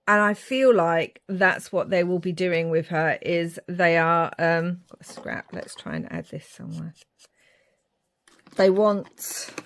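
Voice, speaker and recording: Brief: Irish-born woman craft vlogger, unhurried and chatty, with muttered asides. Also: fairly low pitch. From Ireland. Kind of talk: casual craft chat.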